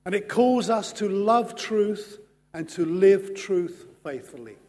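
Slow-preaching man with a high voice. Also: lively intonation, darkish tone. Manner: measured, earnest preaching with slow emphatic pauses. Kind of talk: sermon. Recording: long hall reverb.

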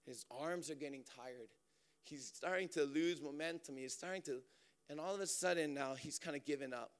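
High-voiced man telling a story. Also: normal speed. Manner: animated, chatty, many fillers and restarts. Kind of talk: storytelling sermon.

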